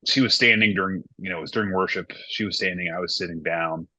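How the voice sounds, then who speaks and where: Deep, forceful-voiced man in his thirties. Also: fairly even intonation, quick pace, husky, dry recording. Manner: candid, reflective. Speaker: worship pastor. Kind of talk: casual podcast conversation. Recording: dull lo-fi dry sound.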